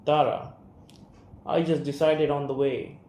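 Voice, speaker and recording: A young man with an Indian English accent voicing a sharp, resentful young woman as he reads a play aloud, speaking her name and the stage directions too. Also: fairly high pitch, little pitch movement, unhurried, natural voice. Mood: earnest. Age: young adult. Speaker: student reader. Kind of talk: reading an audio play aloud. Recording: roomy room, faint hiss.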